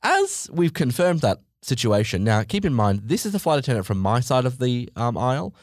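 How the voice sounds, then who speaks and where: A man's voice: medium pitch, wildly swooping pitch, moderate pace, dry recording, clean studio sound. A man hosting a podcast, telling a comedic story in a sweary, mock-outraged way.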